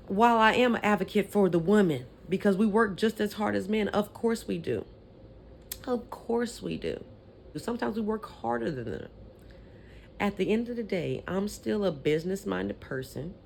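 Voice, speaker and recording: A woman's voice: mid-range voice, creaky, a little hiss or hum. Sassy woman ranting about sports. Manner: sassy, animated, petty trash talk. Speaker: vlogger. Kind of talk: opinionated sports commentary vlog.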